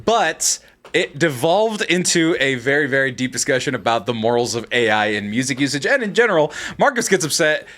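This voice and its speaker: A man's voice: medium pitch, sing-song, brisk, a bit bright. A man hosting a casual group podcast, joking around and rambling through plugs. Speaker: podcast host.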